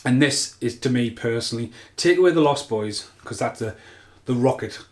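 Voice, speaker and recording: A man's voice: mid-range voice, expressive, normal speed. A man hosting his channel, chatting casually in a rambling, self-mocking way. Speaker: channel host. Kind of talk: casual chat.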